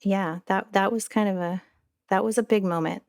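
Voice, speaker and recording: A woman, a mother and podcast guest, telling a personal story in a halting way, with many restarts and fillers. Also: medium pitch, fairly even intonation, gravelly, darkish tone, dry recording, studio quality.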